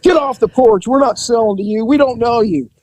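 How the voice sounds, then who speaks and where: A man hosting a podcast, telling a police story in a relaxed, conversational way and acting out the people in it. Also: very high-pitched, a little fast, no room sound, poor audio. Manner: animated storyteller who acts out the people in his story. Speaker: podcast host and former police officer. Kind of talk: casual storytelling.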